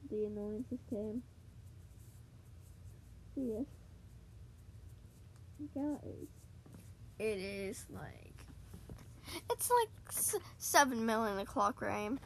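A woman chatting casually while she plays a video game, excitable and talking straight to her listeners. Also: a little high, takes it slowly, long pauses, slight background noise. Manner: chatty and excitable, keeps addressing "guys". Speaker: gaming podcaster. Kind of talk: casual gaming commentary.

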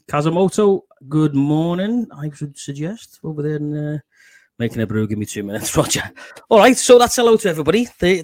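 A man's voice: fairly high pitch, a little mellow, no room sound. A man with a Liverpool accent hosts a live stream in a loose, chatty way. He swears freely and laughs a lot. The recording is dry and close, with no room sound. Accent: Liverpool English. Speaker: podcast host. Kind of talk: casual live stream chat.

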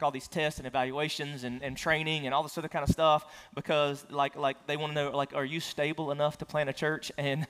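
High-voiced male pastor in a reverberant church. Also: a bit bright. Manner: casual storytelling with self-deprecating humor. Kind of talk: conversational sermon. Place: church sanctuary. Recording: long hall reverb.

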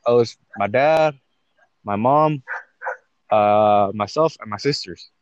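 A man's voice: on the low side, takes it slowly, no room sound, lo-fi sound. A young man co-hosting a casual podcast, talking in slangy, profane banter and calling his friend "fool" and "bro". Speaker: podcast co-host. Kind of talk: casual chat.

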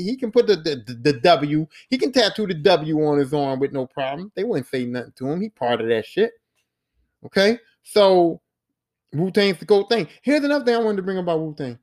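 A man hosting a solo podcast, talking in casual slangy street speech, profane and emphatic, repeating lines for emphasis. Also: sits high. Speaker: podcast host.

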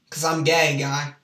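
A woman chatting casually in a theatrical way, breaking into sung snippets and swinging between crooning and shouting. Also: low-pitched. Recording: echoey room.

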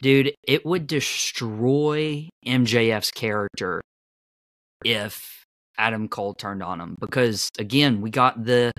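A man hosts a podcast in casual, emphatic chat with a bright, forward tone. His voice sits in an ordinary middle pitch. The recording is close and dry. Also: slow, no room sound. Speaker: wrestling podcast host.

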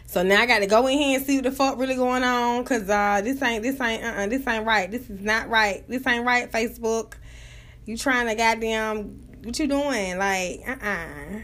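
Fast-talking Southern woman, high voice. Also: fairly bright tone. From Georgia, US South. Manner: fast, profane, rambling, self-interrupting. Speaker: vlogger reviewing rap tracks. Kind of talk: casual reaction commentary.

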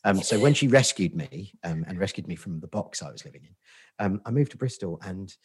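A man's voice: low-pitched, lively intonation, brisk, breathy edge. A man with a Portsmouth accent, a guest on a podcast, chatting casually with sweary, self-mocking banter. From Portsmouth, England. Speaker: guest, marketing agency founder.

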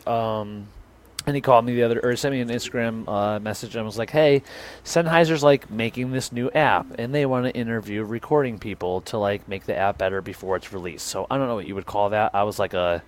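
A man's voice: lowish voice, brisk. A young man co-hosting a podcast, telling a rambling, self-deprecating story and acting out both sides of the conversation. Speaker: podcast co-host. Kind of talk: casual storytelling chat.

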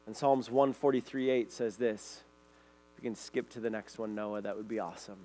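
A man's voice: on the low side, level tone, normal speed, a little mellow. A man preaching a sermon as pastor, earnest, reading scripture aloud to his congregation.

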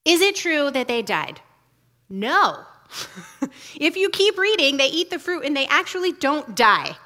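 A woman's voice: high voice, big pitch swings, a little slow, long pauses, pushed and bright. A woman giving a casual, humorous teaching talk, chatty and full of asides, laughing often.

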